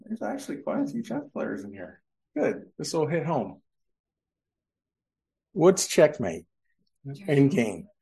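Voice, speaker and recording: A man's voice: on the high side, wildly swooping pitch, takes it slowly, vocal fry, pauses often, dark tone. A male pastor preaching a sermon, asking the congregation questions and answering them. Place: church sanctuary.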